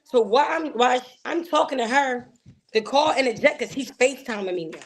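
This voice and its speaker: A woman, a guest telling an emotional personal story in an animated way, acting out the voices she quotes. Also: high voice, fairly quick, slight background noise.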